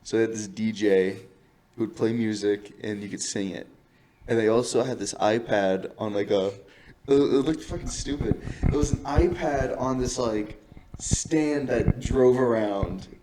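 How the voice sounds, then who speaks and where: A man's voice: on the low side, measured pace, warm tone, slight background noise. A young man co-hosting a podcast, chatting bluntly and casually with frequent swearing. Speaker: podcast co-host. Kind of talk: casual chat.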